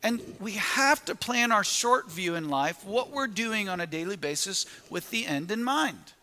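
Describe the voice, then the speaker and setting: High, bright-voiced man preaching. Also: animated, a little slow, big-room sound. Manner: storytelling with repeated restarts and quoted asides. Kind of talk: sermon.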